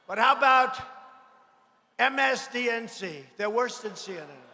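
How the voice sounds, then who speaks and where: A man giving a campaign rally speech, boastful and mocking, repeating his phrases and often shouting to the crowd in a large venue. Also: extremely high pitch, lively intonation, unhurried, vocal fry, a little hiss or hum. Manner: frequent shouted lines to a crowd. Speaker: politician addressing a rally. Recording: long reverb of a large venue.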